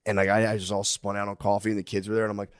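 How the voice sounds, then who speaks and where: A man's voice: fairly low pitch, monotone, rapid-fire, no echo. Brief: man, 30s, podcast co-host, rambling profane storyteller, dry close sound. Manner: rambling, profane, acts out quotes loudly. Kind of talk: casual comedic chat.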